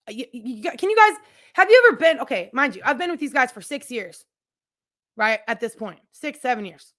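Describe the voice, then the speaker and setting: A woman's voice: on the high side, bright, forceful tone. Chatty woman podcast host, candid, rambling. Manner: candid, chatty, addresses listeners directly; rambling with frequent restarts and asides. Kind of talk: personal storytelling, casual chat.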